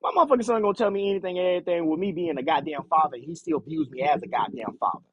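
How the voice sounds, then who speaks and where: A man's voice: fairly high pitch, very fast, breathy edge, dry recording, muffled recording. A man in a blunt, profane, heated rant, lecturing and repeating himself. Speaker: commentator.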